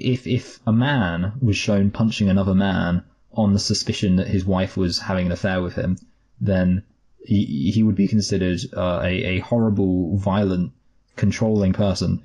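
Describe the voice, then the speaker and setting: Podcast co-host, male, low husky mellow voice, wry rambling delivery. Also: fairly even intonation, normal speed, highs cut off. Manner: rambling, wry, many restarts. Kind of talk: casual film review chat.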